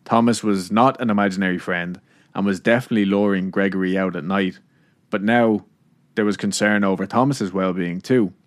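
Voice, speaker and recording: A man's voice: low-pitched, fairly even intonation, fairly quick. A man hosting a podcast, casually narrating a story with laughs and swearing. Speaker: podcast host.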